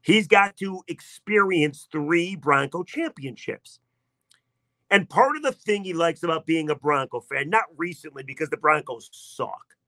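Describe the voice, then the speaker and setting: A middle-aged man hosting sports talk radio, spinning a story in a chatty, sarcastic way. His voice sits a little high and sounds sharp and bright. The recording is dry and close, with no room sound. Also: dry recording.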